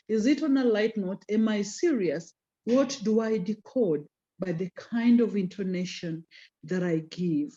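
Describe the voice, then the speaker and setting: A woman teaching a class online, slowing down to stress key terms and teasing students by name. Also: mid-range voice, warm tone. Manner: code-switches into Swahili, teasing students by name. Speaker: communication skills lecturer. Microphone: video call. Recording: lo-fi video call audio.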